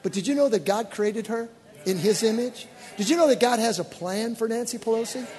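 A man preaching as a pastor, telling stories in an animated, exclaiming way. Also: very high-pitched, brisk. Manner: animated, exclaiming storyteller with bursts of excitement. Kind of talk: sermon storytelling. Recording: church hall reverb.

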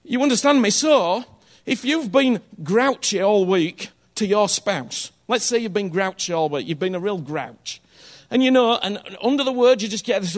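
High-voiced man preaching earnestly. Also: lively intonation, normal speed, hardly any pauses. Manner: earnest, conversational, checks in with "you understand me?"; repeats phrases for emphasis. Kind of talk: sermon.

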